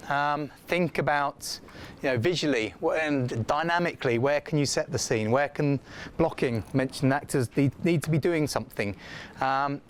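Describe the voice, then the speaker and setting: A man giving an informal scriptwriting lecture in a classroom, chatty and animated, acting out the feedback he quotes. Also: a little high, moderate pace, slight background noise.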